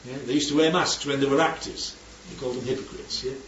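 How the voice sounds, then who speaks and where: With a medium-pitched, steady voice and a quick pace, a man gives a group an informal Bible teaching, frequently questioning listeners to make sure they keep up. Crowd noise is present, and the audio sounds distant, dull and roomy with faint noise.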